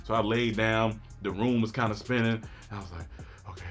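A man telling a comic story about getting too high, acting out the lines of everyone in it and laughing often. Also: fairly quick, soft background music. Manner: animated, acts out quotes, laughs often. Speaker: storyteller guest. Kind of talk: comedic storytelling.

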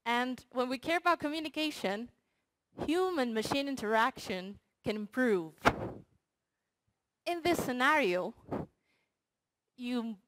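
Woman researcher, slightly high voice, playful, audience-facing short talk. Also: lively intonation, a little slow, long pauses, fairly bright tone, poor audio. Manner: playful, addresses the audience directly with games. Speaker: researcher presenting her project. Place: university hall before an audience.

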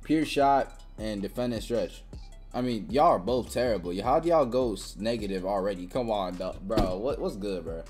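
A young woman giving live gameplay commentary, trash-talking with sudden excited yelps and shouts. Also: rumbling low, moderate pace, faint music behind. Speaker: gaming channel host.

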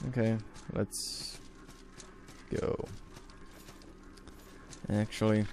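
A man's voice: on the low side, flat delivery, extremely slow, a little hiss or hum. Swearing young man playing a game. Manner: swears a lot, sudden loud outbursts. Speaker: let's play host. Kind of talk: casual gameplay commentary.

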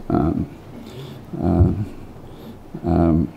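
Older male lecturer, deep and gravelly, thinking aloud with lots of fillers. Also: slow, dark tone, slight background noise. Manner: hesitant, many fillers and restarts. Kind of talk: impromptu academic remarks.

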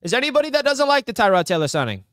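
Young guy streaming live, kinda high voice, super hyped, rambling to chat, dry sound. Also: big pitch swings, very fast, a bit bright, no room sound. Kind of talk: excited live-stream sports reaction.

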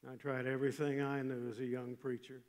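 An older man preaching a chapel sermon, telling a story with emphatic swings from loud passages to hushed ones. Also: mid-range voice, flat delivery, fairly quick. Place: large chapel. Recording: long hall reverb.

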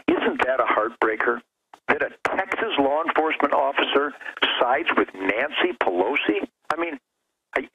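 An older man with a fairly high voice, fiery and emphatic, who stumbles through repeated words as he presses each point. He comes through a dull, lo-fi radio line with a clear hiss of noise behind him. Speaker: radio show guest. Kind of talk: impassioned political talk radio.

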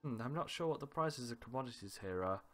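A man's voice: medium pitch, lively intonation, fast talker, soft background music. A man reading aloud every character's lines of a visual novel, switching between characters with small laughs and asides. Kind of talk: reading game dialogue aloud with light character voices.

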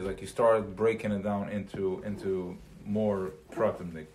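A man's voice: lowish voice, moderate pace, a little mellow. Guy giving a live class, chatty and loose, throws in yiddish words, acts out little everyday scenes. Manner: loose and conversational, mixing in Yiddish terms; checks in with listeners, acts out everyday examples. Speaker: Torah class teacher. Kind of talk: live recorded Chassidic class.

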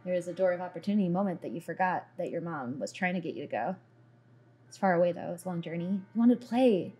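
A woman's voice: lowish voice, expressive, quick pace, warm tone, breathy edge, soft background music. A woman narrating a tabletop role-playing game as dungeon master, describing scenes in a loose, meandering way with fillers.

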